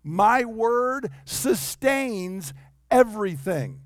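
Male preacher, high voice, lively sermon delivery with acted-out quotes, dry close mic. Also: drawn-out words, no room sound. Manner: animated, acts out quotes in varied voices.

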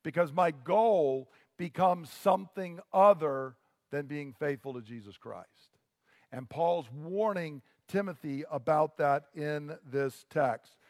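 A man's voice: fairly high pitch, darkish tone, no echo, studio quality, in a large hall. A pastor preaching a sermon to his congregation, earnest and teaching, with rhetorical questions.

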